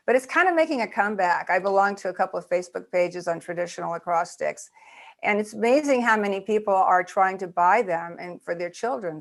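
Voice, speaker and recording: A woman documentary filmmaker telling an animated story in a video-call interview. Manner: lively storyteller, voices raise high when acting out quotes.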